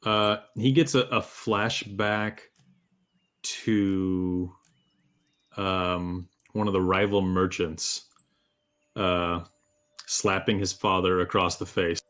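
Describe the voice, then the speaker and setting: A man playing a tabletop game, describing what his character does in a halting, thinking-aloud way. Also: low voice, steady tone, a bit bright. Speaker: player.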